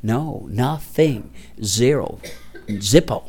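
A middle-aged male pastor preaching a conversational sermon, often dropping to a hushed voice for prayers. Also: mid-range voice, lively intonation, very slow.

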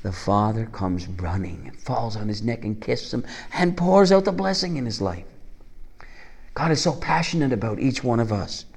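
A man's voice: medium pitch, sing-song, moderate pace, creaky, darkish tone, husky. Male preacher, sincere sermon delivery with rhetorical questions, ordinary mid-range voice. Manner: earnest, asks the congregation rhetorical questions.

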